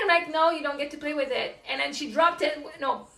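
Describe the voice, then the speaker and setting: A woman's voice: high-pitched, a little fast, creaky, fairly bright tone, reverberant, distant mic, soft background music. A woman venting candidly about motherhood in casual live-stream chat while folding laundry at home, swearing and laughing often. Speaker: live streamer, single mom.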